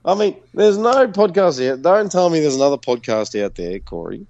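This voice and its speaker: A man's voice: on the high side, moderate pace, dry recording, dull audio. Sweary Australian man telling a story. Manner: animated, profane, storytelling. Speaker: podcast co-host. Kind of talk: casual sweary banter.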